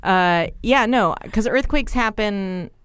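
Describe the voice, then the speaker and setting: A young woman co-hosting a podcast, chatty and quick to laugh, with lots of "like" in her talk. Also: mid-range voice, clean tone, no echo, studio quality. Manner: chatty, laughs often, uses "like" a lot. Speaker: podcast co-host. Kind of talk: casual chat.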